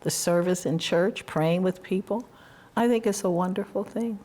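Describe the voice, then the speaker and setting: A woman's voice: lowish voice, normal speed, mellow. A woman hosting an interview, telling reflective stories and encouraging her guest with affirming questions. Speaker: podcast host. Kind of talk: heartfelt conversational interview.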